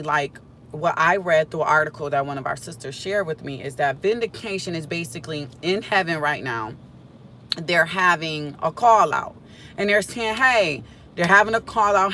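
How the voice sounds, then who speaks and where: Excitable woman vlogging live from a car. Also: fairly low pitch. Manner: casual, excitable, chatty slang. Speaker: prophetic content creator. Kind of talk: live prophetic vlog chat. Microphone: phone on a stand. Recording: car road noise behind.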